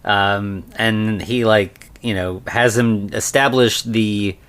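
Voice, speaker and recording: A man's voice: lowish voice, fairly even intonation, slow pace, a bit bright, smooth. A man co-hosting a podcast, casually retelling a film's plot in a rambling way full of "um" and "like". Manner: rambling retelling with many ums and likes. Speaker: podcast co-host. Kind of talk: casual film-review chat.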